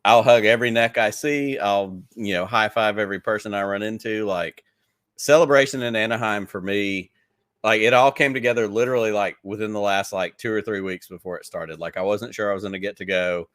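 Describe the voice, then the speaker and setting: A man's voice: on the low side, a little fast, fairly bright tone, no room sound, studio quality. A man with a Southern accent, a podcast guest chatting about his hobby, telling stories in an eager, rambling way full of filler words. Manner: enthusiastic rambling storyteller, many "like"s. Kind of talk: casual interview chat.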